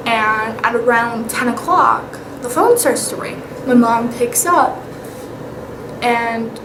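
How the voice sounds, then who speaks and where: A young woman vlogger telling paranormal stories in a casual, animated way. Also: on the high side, takes it slowly. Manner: chatty, animated, with whispered asides. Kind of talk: casual storytelling. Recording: echoey room with clear background noise.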